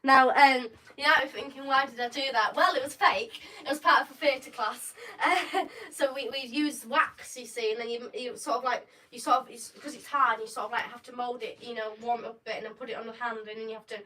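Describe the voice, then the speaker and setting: A woman with a bright, fairly high voice hosts a casual live stream, telling her stories in a rambling, halting way full of restarts. She sounds a bit distant from the mic. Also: steady tone. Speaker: channel host.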